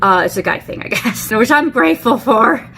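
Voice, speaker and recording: A woman's voice: a little high, lively intonation, moderate pace, a bit bright. Woman, middle-aged, casual storytelling, chatty, acts out quotes, slight background noise. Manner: chatty, many fillers and restarts, acts out quotes. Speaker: beauty vlogger.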